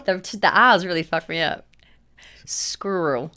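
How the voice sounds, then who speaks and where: A woman's voice: lowish voice, measured pace, a crowd in the background. A woman with an Australian accent hosting a podcast, chatting casually and swearing freely. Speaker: podcast host. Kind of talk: casual chat.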